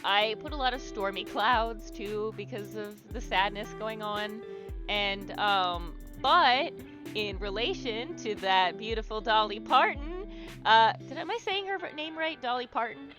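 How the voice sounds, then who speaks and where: Music plays in the background as a young woman leads an art therapy exercise on her livestream, drawing and chatting casually. Her voice runs on the high side and a little slow. She rambles, restarts often, leans on fillers, and keeps encouraging her audience.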